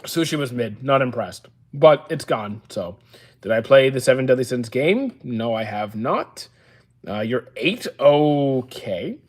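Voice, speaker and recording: Deadpan man answering livestream chat. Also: medium pitch, measured pace. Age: 30s. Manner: dry, deadpan replies with offhand fillers. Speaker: streamer. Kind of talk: casual livestream chat, reading and answering viewer comments. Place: indoor room used for storing action figures.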